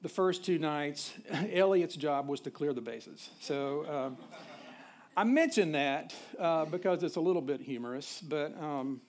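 A middle-aged man from Nashville preaching a sermon as a pastor, halting, with frequent fillers and restarts. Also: a little high. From Nashville, USA.

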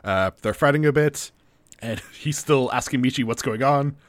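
A man recaps episodes casually with a co-host, slipping into quoted lines now and then. His voice sits at an ordinary pitch. The recording is close and dry, with no room sound. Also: moderate pace, no room sound. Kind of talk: casual chat.

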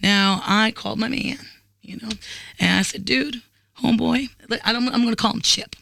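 A woman in her forties tells a story in a bright, gravelly voice. She talks casually with lots of swearing and acts out the lines of other people. The sound is dry and close. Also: mid-range voice, fairly quick, no echo. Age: 40s. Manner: animated, profane, acts out quotes. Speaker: guest.

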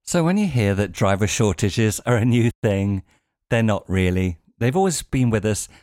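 Wry, low-voiced man. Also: animated, moderate pace, darkish tone, no echo, studio quality. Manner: wry storytelling, chuckling dryly. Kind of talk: anecdotal monologue.

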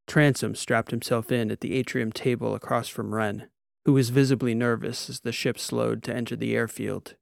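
A man narrating a sci-fi audiobook in a steady, even storytelling voice. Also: mid-range voice, normal speed, vocal fry, dry recording, clean studio sound.

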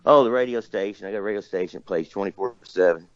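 Record store owner, lowish voice, rambling easygoing guest, dry dull lo-fi sound. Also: male voice, fast, dry recording. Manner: rambling, laid-back storyteller. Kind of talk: casual podcast chat.

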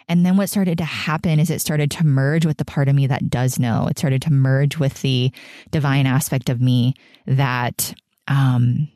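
A woman's voice: very deep voice, a little mellow, dry recording, studio quality. A woman in her thirties hosting a podcast, talking in an earnest, emotional and spiritual way and laughing often. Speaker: podcast host. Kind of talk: reflective podcast monologue.

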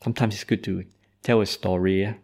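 A Buddhist monk tells a story in a dharma talk, speaking in halting phrases that nearly always end in "eh". His voice sits low and carries a noticeable gravelly fry. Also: fairly even intonation, a little mellow. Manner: hesitant, tags nearly every phrase with "eh".

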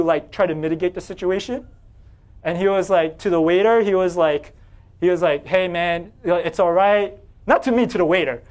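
Young pastor, male, high voice, lively storytelling sermon that climbs when he gets heated. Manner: animated, self-deprecating, often rising in pitch and volume when retelling anger.

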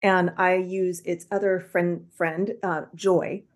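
A woman's voice: lowish voice, flat delivery, takes it slowly. A woman hosting an interview, asking curious questions and adding emphatic comments. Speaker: podcast host. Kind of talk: interview conversation.

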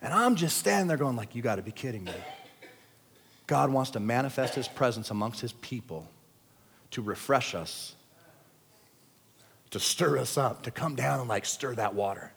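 A man preaching a sermon at a church service, talking in casual slang and swinging between shouting and quiet asides. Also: mid-range voice, lively intonation, normal speed, creaky, slightly rough. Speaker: pastor. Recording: long church hall reverb.

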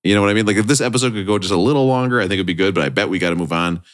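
A man's voice: fairly low pitch, rapid-fire. A man co-hosting a music podcast, joking and teasing in casual banter. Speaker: podcast co-host.

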